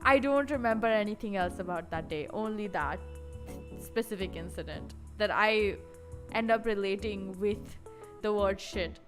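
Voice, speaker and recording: A woman's voice: mid-range voice, moderate pace, over music. A woman streaming casually, rambling and chatty with lots of filler words. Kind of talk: casual live-stream chat.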